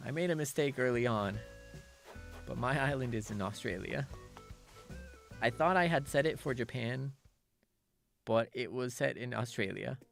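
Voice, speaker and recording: A woman's voice: extremely low pitch, lively intonation, moderate pace, vocal fry, long pauses, faint music behind. A woman streamer in casual, rambling chat while gaming, laughing at herself often.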